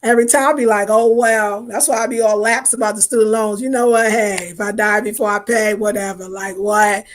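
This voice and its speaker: A woman's voice: medium pitch, steady tone, fairly quick, few pauses. A woman in her fifties hosting a lifestyle livestream, chatting casually and animatedly with viewers in slang. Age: 50s. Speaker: lifestyle channel host.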